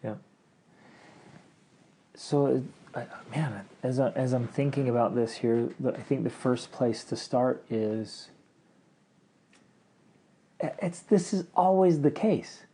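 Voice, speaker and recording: Animated man in casual podcast chat. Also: mid-range voice, slow, pauses often, a little hiss or hum. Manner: animated, acts out quoted lines. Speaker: podcast co-host.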